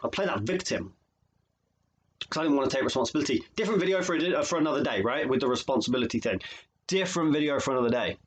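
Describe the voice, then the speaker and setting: Earnest husky life coach. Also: male voice, medium pitch, lively intonation, racing, poor audio. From England. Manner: earnest, emotional, repeats phrases for emphasis. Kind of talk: motivational video monologue.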